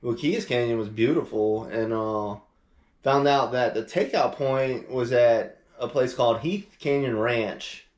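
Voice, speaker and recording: A man's voice: mid-range voice, a little slow, darkish tone, echoey room. A man co-hosting a casual chat, telling a travel story in a rambling way with lots of fillers and acted-out quotes. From Louisiana, USA. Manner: rambling, filler-heavy, acts out quoted phone calls. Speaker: podcast co-host.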